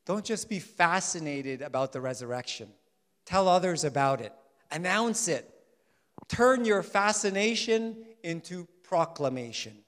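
A male pastor preaching a sermon, swinging from loud declarations to soft, quiet urging. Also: on the high side, a little slow. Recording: long hall reverb.

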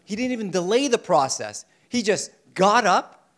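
High-voiced male preacher, animated, plays out the story's lines. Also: moderate pace. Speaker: pastor. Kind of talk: sermon.

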